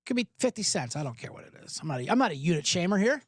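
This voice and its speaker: A man hosts a sports betting podcast in a high-pitched, husky voice, talking rapid-fire and very animated with no room sound. He rambles in a hyped way, swearing and spinning jokey analogies.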